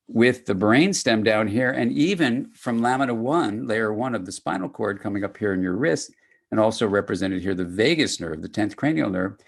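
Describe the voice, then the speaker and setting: Animated older male psychiatry lecturer. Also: creaky, husky. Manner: animated, conversational, acts out dialogues with rising pitch. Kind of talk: academic lecture.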